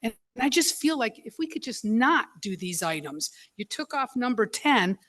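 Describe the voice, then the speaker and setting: A school board member, a woman, speaking at a public meeting in an emotional, halting way, choked up and apologizing as she goes. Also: on the high side, very animated, fairly bright tone.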